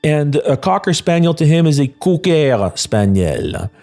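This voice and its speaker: Male podcast host, solo episode; animated, enthusiastic explainer with a wide-ranging delivery. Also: a little high, measured pace.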